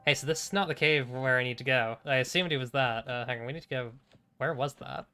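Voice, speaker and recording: Bright-voiced man streaming a game. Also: medium pitch, fast, faint music behind. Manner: chatty, swears freely, talks to himself in short bursts. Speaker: streamer playing a video game. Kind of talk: casual live gameplay commentary.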